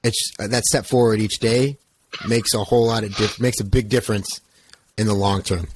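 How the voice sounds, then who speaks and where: A man's voice: on the low side, steady tone, moderate pace, slight background noise. A man hosting a podcast interview, reflecting back on his guest's story in an affirming way. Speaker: podcast host.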